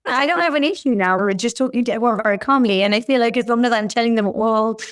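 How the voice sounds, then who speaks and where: A woman's voice: on the high side, quick pace, clean tone. A woman, a clinic owner telling candid stories as a podcast guest. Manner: candid, animated storytelling. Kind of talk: podcast interview.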